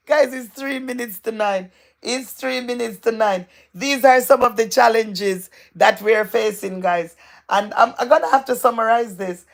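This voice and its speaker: Excitable woman host with a gravelly voice. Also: on the high side, normal speed. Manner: excitable, repetitive, gossipy, laughs often. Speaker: livestream host. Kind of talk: live chat reading out viewer comments.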